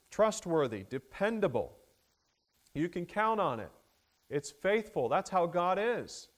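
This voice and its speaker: A male preacher working through a scripture passage at an unhurried pace. His voice sits a little high for a man. He leans into key words with added force and pads his phrasing with fillers. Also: big pitch swings. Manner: slow, measured delivery with many fillers, rising emphasis on key words. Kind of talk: expository sermon.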